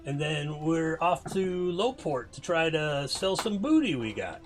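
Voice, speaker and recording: A man's voice: fairly high pitch, very animated, unhurried, pitched above the performer's own voice. A man voicing a cheerful, talkative male pirate crewman in a tabletop game. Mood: cheery. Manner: friendly, winking, talkative.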